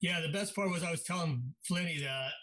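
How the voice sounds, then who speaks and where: A male comedian tells loose, chatty anecdotes on a video call. His voice is slightly high for a man. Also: brisk, sharp tone. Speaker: comedian guest. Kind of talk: casual storytelling over video call.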